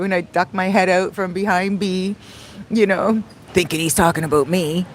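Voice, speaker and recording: A woman's voice: on the low side, fairly even intonation, normal speed, a little hiss or hum. A woman vlogging into her phone in a casual, rambling way, telling a story with frequent laughs and digressions. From Canada. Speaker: travel vlogger and soul coach. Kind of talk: casual chatty vlog storytelling.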